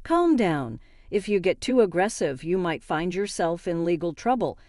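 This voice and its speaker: A woman voicing a calm, stern male lawyer in a story. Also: lowish voice, dry recording, clean studio sound, natural voice. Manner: stern, measured.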